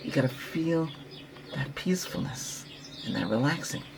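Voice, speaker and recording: A man who practices Reiki, giving a rambling relaxation talk with breathing guidance, repeating himself and coaching gently. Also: on the high side, animated, moderate pace, vocal fry, heavy background noise.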